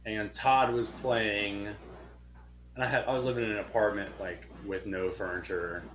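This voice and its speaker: A young man co-hosting a podcast, telling a long story in casual chat, animated and swearing freely. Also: lowish voice, normal speed, slight background noise. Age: young adult. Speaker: podcast co-host.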